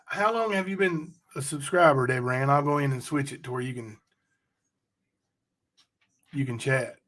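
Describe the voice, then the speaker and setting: In a mid-range, fairly bright voice at a moderate pace, a male host chats casually on his livestream, rambling, reading viewer comments aloud, and addressing chat directly.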